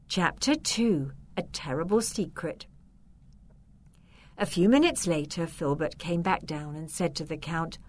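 A woman narrating a storybook in a measured, expressive reading. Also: low voice.

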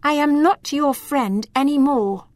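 A woman's voice: high-pitched, measured pace, no echo, pitched above the performer's own voice. A woman voicing a cold female elf, devoted to a sorcerer, who speaks sharply and with scorn, as in a storybook reading. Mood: scornful.

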